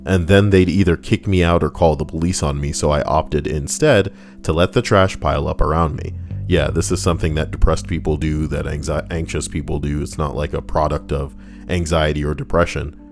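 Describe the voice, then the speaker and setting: A man's voice: very deep voice, steady tone, brisk, soft background music. A man reading stories aloud as a host, breaking off for sarcastic, rambling comic asides. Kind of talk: comedic reading with commentary.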